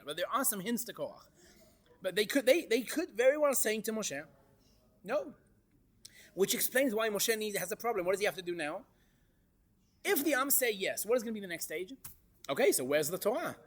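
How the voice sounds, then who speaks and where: Animated man teaching a class. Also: high-pitched. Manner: animated, questions the class, Hebrew verse quotes. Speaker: Torah teacher. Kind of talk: interactive Torah class.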